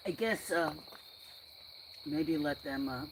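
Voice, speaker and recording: A man's voice: a little high, takes it slowly, a bit bright, a little hiss or hum. A man hosting a casual livestream from a farm, rambling along with plenty of fillers. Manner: rambling, meandering with many fillers. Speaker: livestream host. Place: farm outdoors.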